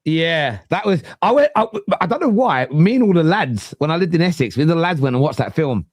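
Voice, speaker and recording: A man hosting a casual football podcast, telling stories with lots of laughter and big jumps in pitch. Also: sing-song, fairly quick, no room sound, clean studio sound. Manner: laughs a lot, tells stories animatedly, jumpy pitch. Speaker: podcast host. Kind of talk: casual chat.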